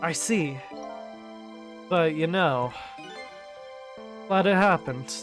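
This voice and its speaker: A worn-out young man speaks low and subdued, as a woman drops her voice to read him aloud from a game. He talks slowly over faint music in the background. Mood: weary. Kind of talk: reading game dialogue aloud.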